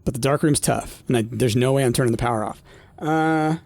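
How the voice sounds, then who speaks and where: A gameplay streamer with a mid-range, creaky, slightly mellow voice talks a little fast in casual let's-play commentary. He thinks aloud, uses lots of fillers, and addresses his chat.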